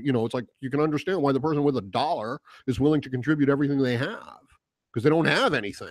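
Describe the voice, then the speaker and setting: A man's voice: medium pitch, quick pace, no room sound. Blunt, sarcastic man ranting. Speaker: host. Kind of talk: opinion rant vlog.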